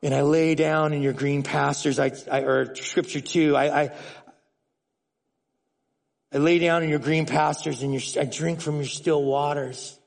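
A man preaching a sermon in an animated way, often restarting words and swinging between loud, emphatic lines and hushed ones. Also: a little high, a little slow, gravelly, in a large hall. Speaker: pastor.

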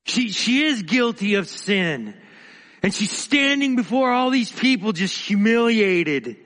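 A man preaching a sermon, dramatic, swinging between emphatic lines and quiet, hushed asides. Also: high voice, lively intonation, unhurried, long reverb tail.

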